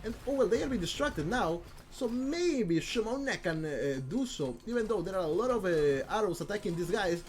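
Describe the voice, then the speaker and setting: A man commentating a live strategy game with a high, lively voice that leaps up and down. He is excitable and rambling, restarting phrases and repeating himself as the action unfolds. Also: normal speed, few pauses, a little hiss or hum. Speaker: game caster.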